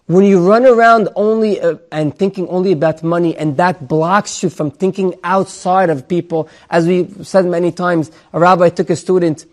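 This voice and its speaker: A man teaching a Torah class, telling a story in an animated way and mixing in Hebrew words. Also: high voice, moderate pace, hardly any pauses. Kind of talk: sermon with an acted story.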